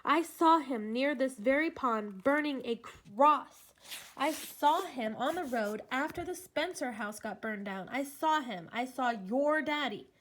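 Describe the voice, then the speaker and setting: A woman playing a hot-tempered young girl, blunt and scornful, her voice fairly high. She snaps and accuses in a storybook reading. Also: expressive, a little slow, fairly bright tone, a little hiss or hum. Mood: furious. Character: fierce, angry young Black girl.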